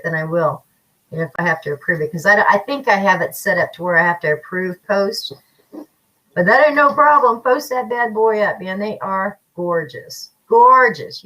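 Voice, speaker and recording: A woman's voice: mid-range voice, a bit bright, rough recording. A woman hosting a casual livestream, chatting with viewers in a feisty, blunt way. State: slight cough from paint fumes. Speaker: psychic livestream host.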